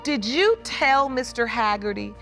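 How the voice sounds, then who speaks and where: A woman presiding as judge, questioning witnesses in brisk, probing turns. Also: a little high, lively intonation, fairly bright tone. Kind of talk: courtroom questioning. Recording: faint music under courtroom audio.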